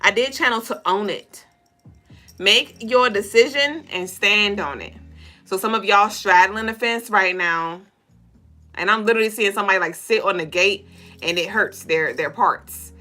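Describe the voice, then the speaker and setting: A woman hosting a casual spiritual reading livestream, talking straight to viewers in a loose, profane, animated way. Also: mid-range voice, moderate pace, soft background music. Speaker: spiritual reader and co-host.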